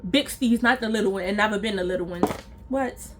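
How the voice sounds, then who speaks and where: A woman vlogger casually telling a story to her viewers in an animated way. She repeats phrases for emphasis and acts out what people said. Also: medium pitch, fairly quick, noisy background.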